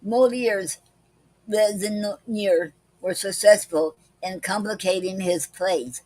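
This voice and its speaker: A woman's voice: medium pitch, darkish tone, no room sound, low-quality recording. A woman hosting a poetry club live stream, reading poems and explaining a poetic form and a word of the day, with frequent "okay"s between parts. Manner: slow, careful reading with many "okay"s.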